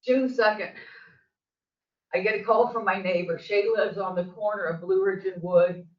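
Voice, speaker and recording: Speaking at a normal speed in a mid-range voice with fairly even intonation, an older local woman addresses a board meeting during public comment. She tells her story agitatedly and emphatically, her voice climbing toward the end. Recorded in a district office meeting room, the sound is distant, echoey and dull.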